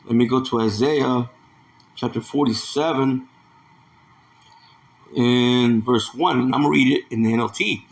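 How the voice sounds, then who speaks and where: A man giving informal scripture teaching. He reads verses aloud slowly and often repeats words, breaking in with "man" and "see". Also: mid-range voice. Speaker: Bible teacher.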